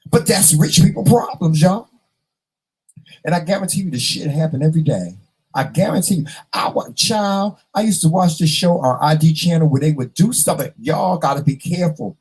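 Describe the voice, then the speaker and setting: Husky, animated male vlog host. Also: a little high, normal speed, rough recording. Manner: animated, dramatic, talks to viewers and acts out scenes. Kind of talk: casual live chat reading comments.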